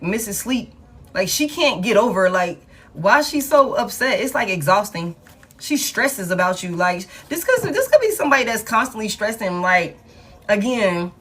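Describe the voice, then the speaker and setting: A woman's voice: medium pitch, fairly bright tone. A woman, chatting casually to her viewers as she reads tarot cards aloud in a live stream. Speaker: tarot reader.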